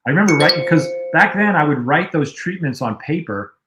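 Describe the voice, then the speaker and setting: A man's voice: fairly high pitch, fairly quick, music in the background. Man telling rambling stories, roomy echo. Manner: relaxed, rambling anecdotes with fillers. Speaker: guest, music video director. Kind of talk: casual storytelling on a livestream.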